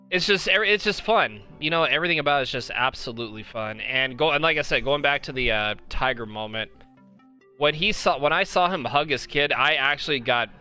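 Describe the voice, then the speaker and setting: Bright-voiced young man rambling excitedly. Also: mid-range voice, smooth. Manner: rambling, enthusiastic, many fillers and restarts. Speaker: podcast host. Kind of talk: casual live-stream podcast talk.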